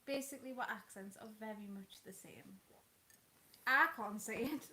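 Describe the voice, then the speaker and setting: A woman co-hosting a casual live chat from home, chatty and quick with interjections. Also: a little high, bright, forceful tone, rough recording. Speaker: co-host. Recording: faint background noise.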